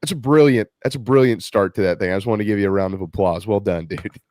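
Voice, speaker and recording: A man's voice: on the low side, fast talker, a little mellow, no room sound. A man hosting a casual sports podcast, playful and teasing with his guests. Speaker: podcast host.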